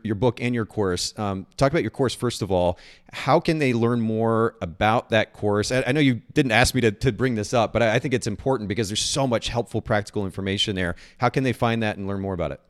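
A man hosting a podcast, chatting enthusiastically and often restarting his sentences. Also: on the low side. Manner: fast, enthusiastic, repeats words and restarts. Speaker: podcast host. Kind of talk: casual interview chat.

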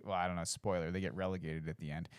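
A man chatting casually on a podcast, telling stories fast and swearing freely. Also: low voice, flat delivery, clear, resonant tone, no room sound, studio quality. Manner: fast, profane storytelling with acted quotes.

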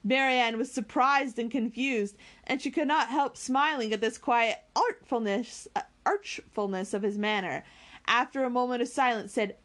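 A woman's voice: on the high side, normal speed, fairly bright tone. Woman, audiobook reader of a classic novel, stumbles now and then and corrects herself. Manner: occasional slips and self-corrections. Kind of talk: reading a classic novel aloud.

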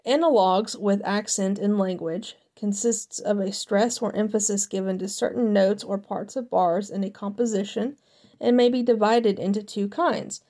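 A woman's voice: medium pitch, fairly even intonation, moderate pace, mellow. A woman reading encyclopedia entries aloud as host, careful and sometimes stumbling over words, with casual asides between entries.

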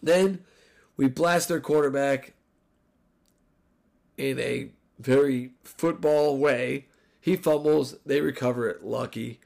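A man hosting a solo sports podcast, recapping a college football game with animated, profane rants. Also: medium pitch, slow, creaky, long pauses. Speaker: podcast host.

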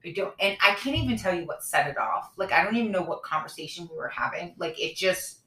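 A woman's voice: lowish voice, fast talker. A woman in her thirties co-hosting a casual podcast, telling a personal story candidly and acting out the lines of the people in it. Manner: candid storytelling, animated retelling of dialogue. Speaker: podcast co-host. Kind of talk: casual chat. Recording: echoey room.

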